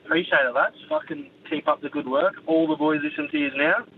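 A man's voice: fairly high pitch, big pitch swings, brisk, creaky, narrow, tinny audio, slight background noise. Aussie man calling from his car. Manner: rambling, sweary. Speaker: caller. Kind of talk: phoned-in voice message. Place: driving in a vehicle.

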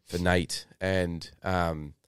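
Young Australian guy, deep and smooth, rambling storyteller, dry close mic. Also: flat delivery, drawn-out words, no echo. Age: 20s. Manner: rambling, lots of fillers and restarts, swears casually. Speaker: podcast guest, actor. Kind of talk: casual interview storytelling.

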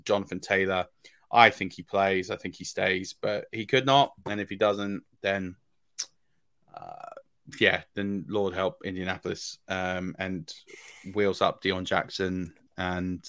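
A man's voice: sits low, fairly even intonation, unhurried, a bit bright, clean tone, no echo. A man co-hosting a fantasy football podcast, giving casual analysis with many ums and restarts.

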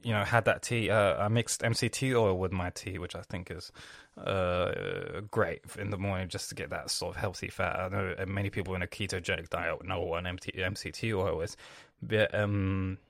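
A man's voice: low-pitched, normal speed, creaky, fairly bright tone, no room sound, clean studio sound. A man talking on his solo podcast in a rambling way, swearing and trailing off into tangents.

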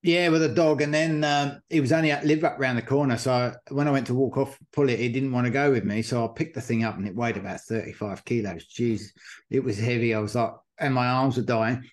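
A man's voice: mid-range voice, fairly quick. A man hosting a running podcast, telling stories loosely with lots of fillers. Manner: rambling storyteller with many fillers. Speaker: podcast host. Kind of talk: casual chat.

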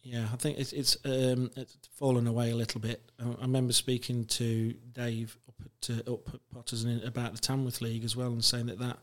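Rambling man, flat voice. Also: mid-range voice, fairly quick, few pauses. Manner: rambling, many fillers and restarts, laughs while telling stories. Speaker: guest. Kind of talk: casual chat, telling anecdotes.

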